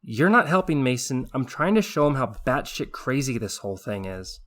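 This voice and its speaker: A man voicing a serious, exasperated woman medic who talks in a brisk, scolding way. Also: medium pitch, very animated, fairly bright tone.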